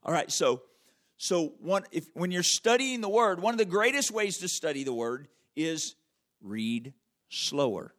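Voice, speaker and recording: A man preaching a conversational sermon, checking in with the audience with frequent questions and slowing right down to stress key words. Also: high-pitched, big pitch swings. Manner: wide swings in loudness and emphasis, drawn-out slow words. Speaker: pastor.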